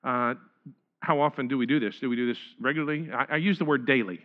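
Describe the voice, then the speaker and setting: A man preaching a sermon as pastor, animated, repeating words and acting out the quotes he reads. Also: mid-range voice, fast, narrow, tinny audio.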